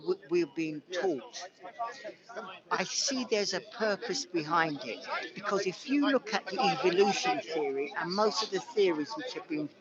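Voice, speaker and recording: A man in an earnest outdoor discussion, speaking deliberately and repeating words as he goes. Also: sits high, expressive. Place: busy outdoor public park. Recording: dull phone audio in a loud crowd.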